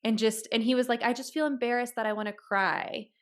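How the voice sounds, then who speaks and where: A woman in her thirties co-hosting a podcast, chatting candidly and acting out quoted speech with lively jumps in pitch. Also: brisk. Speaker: podcast co-host. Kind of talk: casual candid conversation.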